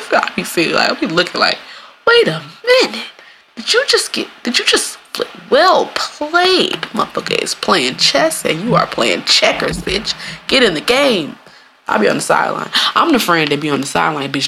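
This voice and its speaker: A woman, venting on her solo podcast in a blunt, profane way. Her voice is bright and gravelly, and her pitch swings widely as she acts out other people. A faint hiss of noise sits behind her. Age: 30s. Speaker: podcast host. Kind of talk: casual solo podcast rant.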